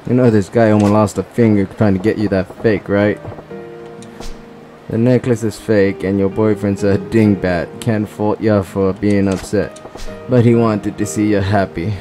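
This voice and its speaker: A gruff gangster lectures in a loose Southern drawl, as a man reads the part from a game. The voice is low and unhurried, with faint game music underneath. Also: fairly even intonation, warm tone, lightly acted. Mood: earnest. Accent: put-on Southern US drawl. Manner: folksy drawl, reading game dialogue aloud.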